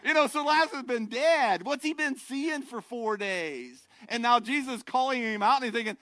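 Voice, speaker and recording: Animated older man preaching a sermon. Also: very high-pitched, moderate pace, hardly any pauses, no echo, clean studio sound. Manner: animated, swings from shouting to quiet asides. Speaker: pastor.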